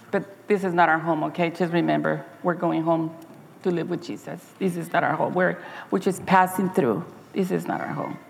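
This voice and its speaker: Gravelly-voiced woman preaching in a hall. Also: on the low side, steady tone, slight background noise. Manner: halting, repeats words, acts out story voices. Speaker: church speaker. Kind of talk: sermon with storytelling.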